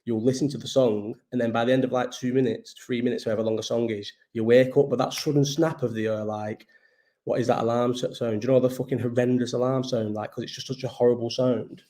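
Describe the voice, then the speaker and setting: A man talks to his viewers in a loose, meandering live chat. His voice is dark and mellow, and he sounds tired. He swears freely and keeps breaking off and restarting his sentences. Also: medium pitch, little pitch movement, fast. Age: 30s. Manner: rambling, swears a lot, restarts and trails off. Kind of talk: casual chat.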